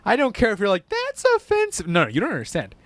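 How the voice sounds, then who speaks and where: A man's voice: high-pitched, huge pitch swings, very fast, a bit bright, dry recording. Podcast co-host, male, joking and crude, voice swings all over its range. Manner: joking, laughs a lot, crude. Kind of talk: casual chat.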